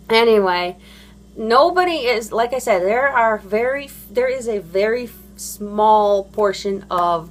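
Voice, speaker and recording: A woman and parent ranting about other drivers in a casual, rambling monologue, blunt and profane, full of fillers and restarts. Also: medium pitch. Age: adult parent. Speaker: vlogger.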